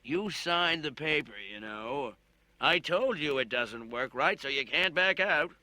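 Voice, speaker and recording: A man's voice: fairly high pitch, expressive, measured pace, sharp tone, no echo, full character voice. A man voicing a sneering, blustering male shopkeeper in an audiobook reading. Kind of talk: audiobook narration with character voices.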